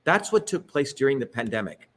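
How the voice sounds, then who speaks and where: A man's voice: mid-range voice, very animated, a little fast, fairly bright tone, slight background noise. A middle-aged man giving an emphatic, rhetorical public talk with slides, often checking in with "okay?" and "right?". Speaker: speaker leading a political talk.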